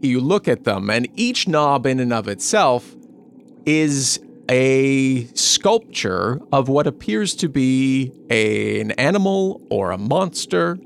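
A man narrating as the game master of a tabletop role-playing game, describing scenes slowly with pauses. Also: medium pitch, big pitch swings, creaky, a little hiss or hum.

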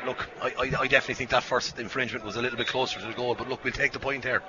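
A man's voice: medium pitch, steady tone, background noise. An Irish man giving match analysis as co-commentator, repeating words as he restarts. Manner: fast, stammering restarts. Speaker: radio co-commentator. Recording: lo-fi radio broadcast with crowd. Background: stadium crowd.

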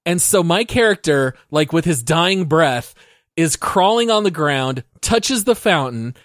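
A man co-hosting a gaming podcast, telling a game story in a relaxed, detailed way. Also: a little high, a little slow, no room sound, studio quality. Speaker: podcast co-host. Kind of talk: casual gaming podcast chat.

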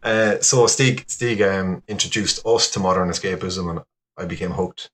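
A man's voice: low voice, moderate pace, fairly bright tone. An Irish man with an Irish accent, a podcast guest in casual, rambling, self-deprecating chat. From Ireland.

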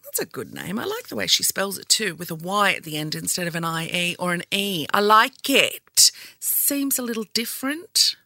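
Bright, chatty Australian woman podcast host. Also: mid-range voice, very animated, normal speed, gravelly, no room sound, studio quality. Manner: chatty, jokey, rambling with laughs and asides. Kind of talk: casual solo podcast chat. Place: indoor studio.

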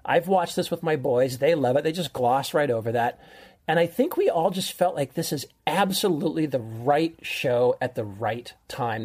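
A middle-aged man with a voice on the high side and a darkish tone co-hosts a podcast. He's an enthusiastic, rambling storyteller, casually chatting as he recommends a show.

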